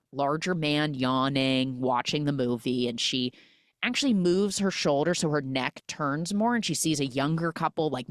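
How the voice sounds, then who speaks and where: A woman hosts a podcast and talks in a low voice, recapping a film in casual, animated chat. She switches into quick little voices for the people she quotes. The sound is dry and close. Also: dry recording. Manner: animated storytelling, acts out quoted lines. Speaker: podcast host.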